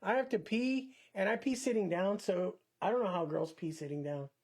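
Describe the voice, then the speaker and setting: Crude joking guy on a live stream, gravelly and husky voice. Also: high voice, moderate pace. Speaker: co-host. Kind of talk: casual movie chat on a live stream. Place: storage shed.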